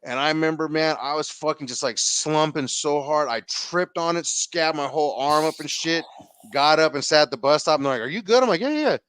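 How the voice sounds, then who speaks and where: A man's voice: fairly high pitch, a little fast, smooth, no room sound. A man casually telling a rowdy story as a podcast guest, slangy and profane, acting out the quotes. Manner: slangy, profane, animated retelling with acted quotes.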